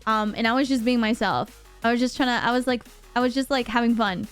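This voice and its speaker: Woman streamer, high-pitched, chatty and animated, faint music underneath. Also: quick pace, clear, resonant tone. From Bahrain. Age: over 25. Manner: chatty and animated, acting out quoted voices. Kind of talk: casual storytelling to a live chat.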